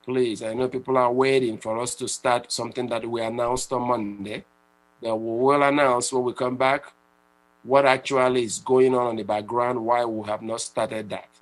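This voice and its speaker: A man's voice: mid-range voice, fairly even intonation, moderate pace, low-quality recording. A man hosting a radio talk show, speaking in a conversational way with restarts and repeated words.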